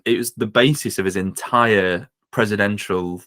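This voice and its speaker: A man's voice: on the low side, fairly bright tone. A man co-hosting a casual political podcast, opinionated and mocking. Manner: opinionated, mocking, slips into quick impressions. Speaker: podcast co-host.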